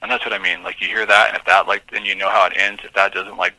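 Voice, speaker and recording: A man, a police lieutenant, speaking in an interview, halting and emotional as he reads text messages aloud. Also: deep voice, little pitch movement, pushed and bright, no echo, poor audio.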